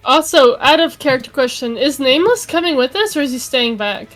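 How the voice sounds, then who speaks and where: A woman's voice: high-pitched, fairly quick, fairly bright tone, soft background music. A woman player in a tabletop role-play, hesitant and playful.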